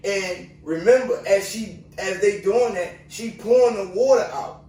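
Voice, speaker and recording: A man with a fairly high voice gives casual commentary straight to his viewers. He speaks emphatically, keeps repeating "remember" and poses questions to the audience. He sounds set back from the mic in a very echoey room. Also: unhurried, dark tone, distant mic.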